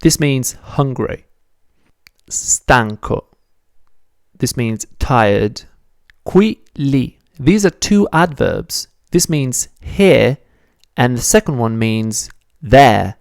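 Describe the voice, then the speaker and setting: A man's voice: mid-range voice, expressive, drawn-out words, vocal fry, smooth, no echo, clean studio sound. A man teaching a beginner language lesson, patiently explaining step by step and correcting his own slips. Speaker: Italian teacher.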